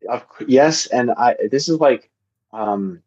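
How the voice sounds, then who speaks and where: A man's voice: mid-range voice, slow, a little mellow, lo-fi sound. A man who is a psychic guest, telling a long personal story in casual podcast conversation, earnest and rambling with frequent ums.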